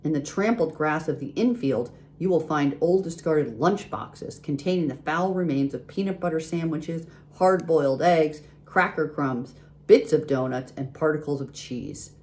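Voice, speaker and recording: A woman's voice: deep voice, normal speed, a little mellow, close to an everyday voice. A woman voicing a sly old sheep who tempts with long, relished lists. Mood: tempting.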